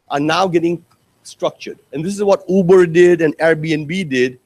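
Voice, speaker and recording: A man giving a conference keynote, telling stories with lively, acted-out quotes and asking the audience questions. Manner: animated storytelling, acts out quotes with big pitch jumps; addresses audience directly, rhetorical questions. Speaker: keynote speaker. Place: conference hall.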